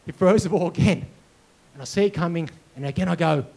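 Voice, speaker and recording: Man, keynote speaker, animated storyteller, fairly high voice, acts out voices and sounds. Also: normal speed, creaky. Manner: animated storyteller acting out dialogue and sound effects. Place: conference hall with audience.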